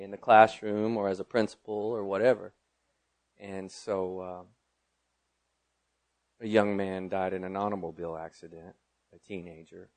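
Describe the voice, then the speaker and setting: A middle-aged man preaching a sermon, moving from loud declarations to quiet personal storytelling. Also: medium pitch. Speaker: pastor.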